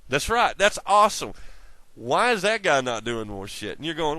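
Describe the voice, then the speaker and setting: Rambling, profane man with lively pitch. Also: fairly quick, dry recording. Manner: profane, laughing, jumps between tangents. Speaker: vlogger. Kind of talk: rambling casual monologue.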